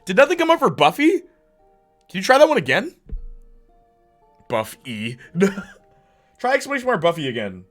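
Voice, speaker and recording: A man streaming a game, chatting casually and answering his chat out loud. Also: very high-pitched, huge pitch swings, a little fast, long pauses. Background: faint music.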